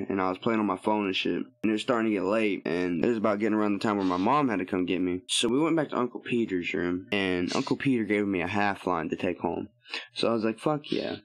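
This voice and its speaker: Man vlogging, rambling profane storytelling, low voice, chuckles often. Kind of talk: casual storytelling.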